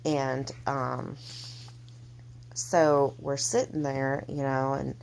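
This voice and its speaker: Woman, low voice, gravelly edge, hesitant and soft-spoken, casual storytelling, faint background noise. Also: little pitch movement, very slow. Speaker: mother telling her family's story.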